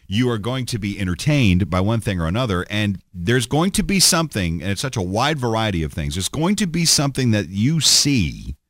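A man's voice: fairly low pitch, sing-song, brisk, few pauses, no echo, clean studio sound. A middle-aged man hosting his own podcast, talking in a rambling, sardonic way with many restarts and fillers. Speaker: podcast host. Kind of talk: solo podcast monologue.

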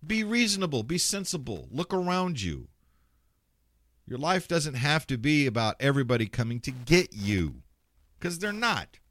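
Male talk radio host, blunt and profane, lively swooping pitch, dry close sound. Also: moderate pace, no room sound. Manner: mocks callers in put-on voices. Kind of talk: ranting talk radio monologue.

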